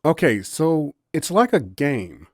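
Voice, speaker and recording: A man's voice: fairly high pitch, big pitch swings, slow, no echo, clean studio sound, pitched above the performer's own voice, exaggerated voice. A man voicing a grumpy, sarcastic young human woman in an audiobook story, blunt and exasperated. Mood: explaining.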